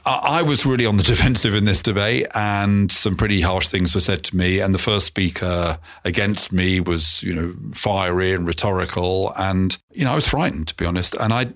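A middle-aged man, an interview guest, telling stories about himself in a calm, self-effacing way, often stopping to restart. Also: deep voice. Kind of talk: reflective conversational storytelling.

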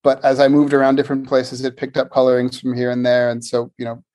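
A man from the Philadelphia area speaks with a Philadelphia-area American accent, at a mid-range pitch for a man. He talks thoughtfully in casual conversation, circling his points with fillers and restarts. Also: completely flat delivery, quick pace, a little mellow. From Philadelphia area, USA. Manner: reflective, many fillers and restarts.

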